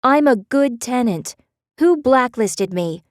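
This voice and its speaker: A woman's voice: sing-song, a little slow, darkish tone, no room sound, studio quality. A woman voicing a desperate, impulsive young woman in an audiobook, urgent and emphatic. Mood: demanding. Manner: rising pitch, urgent and emphatic. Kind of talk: audiobook character reading.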